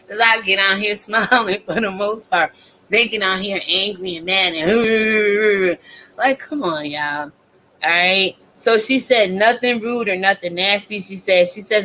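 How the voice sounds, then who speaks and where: A woman, in her thirties, delivering a blunt, profane, animated live-stream rant as a commentary host. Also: mid-range voice, a little slow, low-quality recording.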